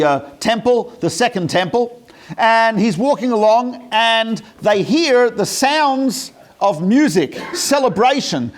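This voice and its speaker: A man, a rabbi, giving a storytelling lecture in a conversational way, with humorous asides. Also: high voice.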